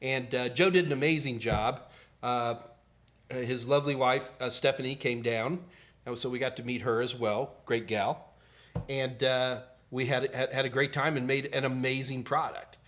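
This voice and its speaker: 60ish guy hosting a live q&a, bright voice, goofy and rambling. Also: mid-range voice, steady tone, moderate pace. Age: 60s. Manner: jokey, playful, trails off mid-sentence. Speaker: host, IT certification trainer. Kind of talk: casual live Q&A chat.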